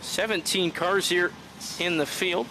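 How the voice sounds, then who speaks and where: A man doing live race commentary in a brisk announcer style, opening the broadcast and calling the passes. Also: high-pitched. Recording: noisy trackside broadcast with engine noise.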